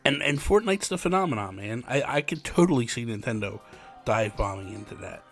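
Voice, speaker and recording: A mid-pitched man talks casually on a gaming podcast, excitable and rambling with lots of "like" and "you know". Faint music sits under his voice. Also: fairly quick, gravelly. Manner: chatty, excitable, many fillers like "like" and "you know". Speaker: podcast co-host.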